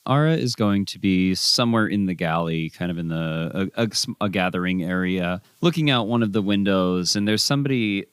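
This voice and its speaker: A man playing a tabletop game in a lowish voice, describing his character. The sound is dry and close. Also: fairly quick, few pauses, smooth, dry recording. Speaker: player.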